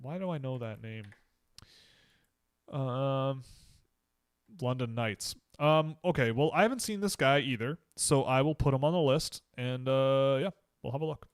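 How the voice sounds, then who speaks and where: A man with a Canadian accent hosting a casual livestream, answering chat questions in a relaxed way and thinking aloud as he goes. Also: medium pitch, measured pace, clear, resonant tone, no room sound, clean studio sound.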